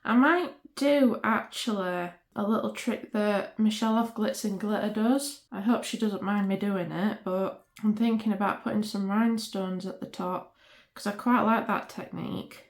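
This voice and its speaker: A woman host talks through her resin crafting in a casual, chatty way, a little out of breath. Her voice sits at an ordinary middle pitch for a woman. She is recorded in an echoey home craft room. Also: steady tone, moderate pace. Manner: chatty, narrating while she works.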